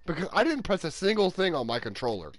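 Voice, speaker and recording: A man streaming live gameplay commentary into a headset mic, often yelling in frustration and laughing. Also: sits high, very animated, fast, dry recording, rough recording. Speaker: game streamer.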